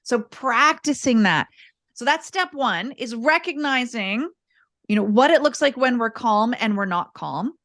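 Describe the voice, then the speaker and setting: A woman speaking as a podcast guest, explaining parenting steps calmly and often repeating words as she thinks. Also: on the high side, unhurried, no room sound, studio quality. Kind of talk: casual interview talk.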